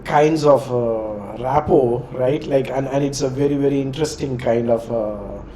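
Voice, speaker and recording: A man hosting a reaction video in casual commentary, often pausing to search for words. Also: mid-range voice, dark tone, a little hiss or hum.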